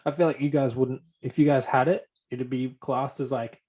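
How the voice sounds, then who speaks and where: A man hosting a casual interview, easygoing and quick to laugh. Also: mid-range voice, steady tone, a little mellow, husky. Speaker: interview host. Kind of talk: casual chat.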